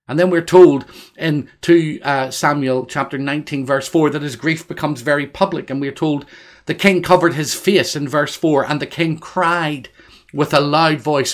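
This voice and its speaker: A man with a fairly high voice preaches a solemn sermon on grief. He reads scripture passages slowly and deliberately. At the laments his voice swells loud and high. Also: steady tone.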